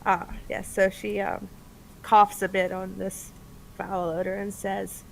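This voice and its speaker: A woman's voice: medium pitch, flat delivery, takes it slowly, gravelly, rough recording. A woman playing a tabletop game who describes her character's actions in a playful, vivid way. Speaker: player.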